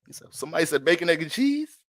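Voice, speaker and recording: Profane, animated New man. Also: on the high side, rapid-fire, no room sound. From New York. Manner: profane, laughing, animated, rambling. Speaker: astrology reader. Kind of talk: casual livestream reading.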